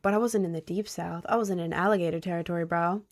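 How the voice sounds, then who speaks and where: A woman's voice: lowish voice, fairly even intonation, fast talker. A young woman from Maryland chatting casually on a livestream, answering viewer questions with playful, dry sarcasm. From Maryland, USA. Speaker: streamer reading chat.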